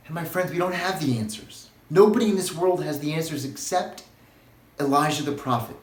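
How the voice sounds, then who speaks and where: A man's voice: on the high side, fairly quick. A man giving a short recorded sermon as a rabbi, earnest and building to impassioned, pleading questions. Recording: roomy echo, faint music.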